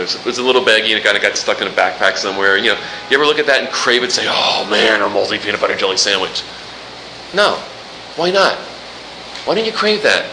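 A pastor giving a sermon, lively and joking, throwing rhetorical questions at the congregation. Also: male voice, on the low side, echoey room, noisy background. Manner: animated, jokey preaching with rhetorical questions.

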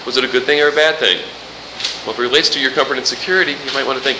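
A pastor giving a sermon, lively and joking, throwing rhetorical questions at the congregation. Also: male voice, mid-range voice, racing, reverberant, background noise. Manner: animated, jokey preaching with rhetorical questions.

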